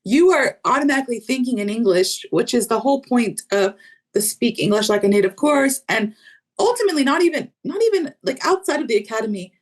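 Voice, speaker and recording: An American woman with a slightly high voice, talking casually as an English teacher. She fills her sentences with "like" and "you know" and acts out little quoted exchanges with energy. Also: a little fast. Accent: neutral American, faint Southern roots. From Southern United States. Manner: chatty, many fillers, lively acted-out quotes. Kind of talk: casual interview chat.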